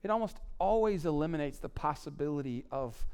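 Animated high-voiced male preacher. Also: brisk, smooth. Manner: animated, swings between loud emphasis and low quiet asides. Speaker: pastor. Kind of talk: sermon on marriage.

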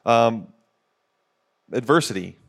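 A man's voice: medium pitch, takes it slowly, gravelly, fairly bright tone. A man in his forties co-hosting a podcast from a studio, talking in an earnest, coach-like way with frequent fillers. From Ohio, USA. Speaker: podcast co-host. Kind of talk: casual motivational podcast talk.

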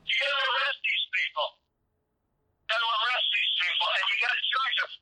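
A man's voice: extremely high pitch, fairly quick, pushed and bright. A man on a recorded phone call, speaking in blunt, repetitive declarations. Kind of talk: played phone call clip.

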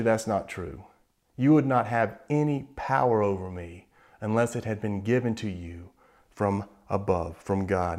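Earnest male preacher, measured delivery. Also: mid-range voice, a little mellow. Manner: earnest, measured, emphatic slowdowns on key words. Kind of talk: sermon.

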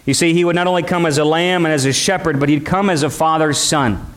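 A man's voice: a little high, fast, fairly bright tone. A man preaching a sermon, building it from impassioned, repeated rhetorical questions.

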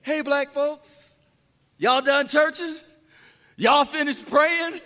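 A menacing bullet mocking its victims in shouted bursts, as a man performs it in spoken word. The voice is very high and bright. It rings through a big reverberant hall with faint music underneath. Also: slow, full character voice. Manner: taunting, declaiming in shouted bursts.

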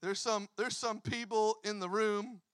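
High, bright-voiced man preaching, animated. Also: unhurried, clean tone, no echo. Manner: animated, acts out quotes, laughs often. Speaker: pastor. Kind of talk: sermon storytelling.

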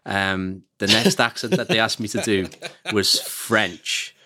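A man's voice: on the low side, steady tone, takes it slowly, bright, forceful tone. A man co-hosting a podcast, chatting casually with jokey, self-deprecating banter. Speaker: podcast co-host. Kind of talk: casual chat.

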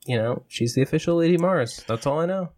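A man's voice: on the high side, animated, brisk, a crowd in the background. A man co-hosting a podcast in casual chat, rambling with plenty of fillers and swearing. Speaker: podcast co-host.

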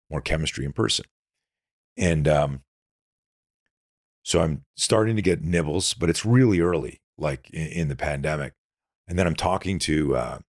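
A man's voice: very deep voice, slightly rough, no room sound, studio quality. A middle-aged man, a self-defense instructor, telling stories intensely as a guest in a casual podcast interview. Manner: intense, animated storyteller with frequent restarts.

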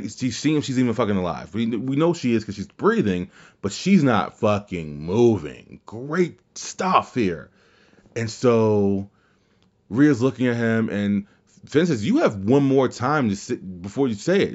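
A man recapping wrestling matches on his podcast, worked up and swearing as he goes, his sentences tumbling over each other with restarts. His voice sits fairly low, and the audio is muffled and lo-fi. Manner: excited, profane, rambling with restarts. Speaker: podcast host.

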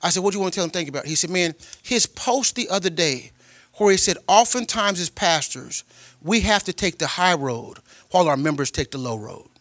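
Man preaching, high voice, emphatic then hushed, colloquial storytelling, dry close sound. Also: animated, a little fast, dry recording. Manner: emphatic preaching that swings from loud to quiet and tender. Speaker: pastor. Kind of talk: sermon. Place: church.

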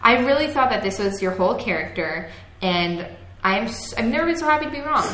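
A woman's voice: on the high side, lively intonation, brisk, fairly bright tone. Chatty young woman podcast co-host. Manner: chatty, laughs often, fillers of "like". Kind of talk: casual chat about a TV show. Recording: echoey room.

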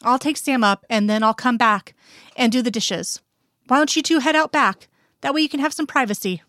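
A woman's voice: a little high, normal speed, fairly bright tone, no room sound, clean studio sound, lightly acted. A woman reading as a chatty friendly husband. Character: friendly middle-aged husband, chatty and easygoing. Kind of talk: fan fiction reading.

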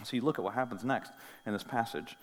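Male pastor, mid-pitched, animated sermon delivery with quiet and booming passages, long church reverb. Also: fast. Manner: animated preaching, swinging from soft to loud; conversational, with asides and light humor. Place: church sanctuary.

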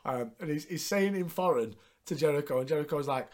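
A man hosts a casual recap podcast, chatty and sweary, and laughs often. His voice sits a touch higher than usual for a man. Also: animated, brisk. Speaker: podcast host.

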